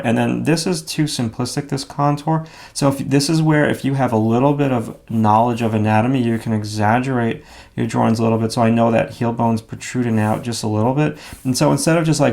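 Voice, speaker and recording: A man's voice: mid-range voice, creaky, a little mellow. A man giving a live drawing lesson, talking casually and thinking aloud as he sketches, with frequent fillers. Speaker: drawing instructor.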